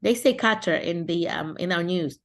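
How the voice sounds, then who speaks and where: A woman's voice: lowish voice, moderate pace. A middle-aged woman from the Philippines hosting an online support session, giving casual advice over a video call with many restarts and fillers.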